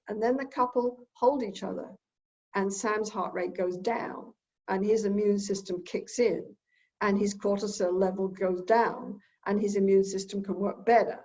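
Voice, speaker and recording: A woman couples therapist teaches earnestly from home. She repeats her key phrases and acts out the quotes she gives. Her voice sits at a middle pitch, and the recording sounds dull and lo-fi. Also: steady tone, unhurried, darkish tone. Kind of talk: lecture-style talk recorded at home.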